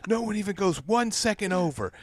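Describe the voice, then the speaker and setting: A man's voice: high-pitched, expressive, brisk, no room sound. Swearing man telling stories, dry sound. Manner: profane, storytelling banter. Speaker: podcast co-host. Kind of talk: casual chat.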